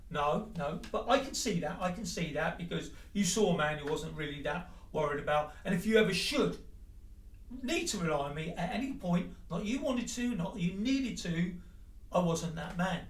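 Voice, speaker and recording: A man's voice: high-pitched, animated, normal speed, distant mic. Heated, sweary man ranting. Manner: heated, sweary, addresses his ex directly. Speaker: vlogger. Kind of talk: angry personal rant to the camera. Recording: echoey room, voice away from the mic.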